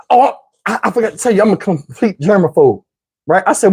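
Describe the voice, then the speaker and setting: Animated middle-aged man telling a story. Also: sits high, brisk, gravelly, breathy edge. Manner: animated, laughing, slangy and profane. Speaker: vlogger telling a dating story. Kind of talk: casual storytelling to camera.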